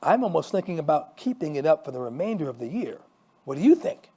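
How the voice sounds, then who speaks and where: A man's voice: on the high side, big pitch swings, fast talker, dark tone, husky, full character voice. Nikolaj, an earnest pastor, read by a man. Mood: grateful. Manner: hesitant, chatty, with fillers. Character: middle-aged male pastor, earnest and grateful.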